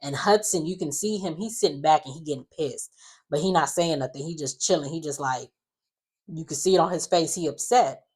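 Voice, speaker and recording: A woman's voice: deep voice, fairly quick, a little mellow, slightly rough. A woman casually recapping a reality show, retelling scenes with quoted voices and sassy asides.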